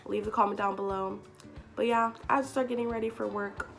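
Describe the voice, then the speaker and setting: A young woman telling a story to camera in a casual vlog, chatty and excitable, full of "like" fillers. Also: medium pitch, fast talker, vocal fry, soft background music. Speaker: vlogger.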